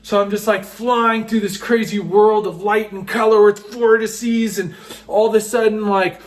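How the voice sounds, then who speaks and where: Man, high-pitched, casual storytelling, excitable, filler-heavy. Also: moderate pace. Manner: excitable, animated, lots of fillers like "just" and "like". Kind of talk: casual first-person storytelling.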